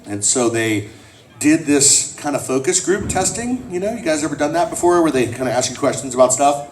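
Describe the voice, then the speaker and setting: A man with a slightly high voice tells jokes and animated stories to a convention crowd at a panel, at a moderate pace. The mic is distant and picks up a little hiss or hum.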